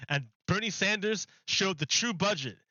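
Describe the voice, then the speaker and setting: A man's voice: sits high, lively intonation, a little slow, pushed and bright, no echo, dull audio. A man streaming live, rambling through a mocking rant in casual chat and laughing often.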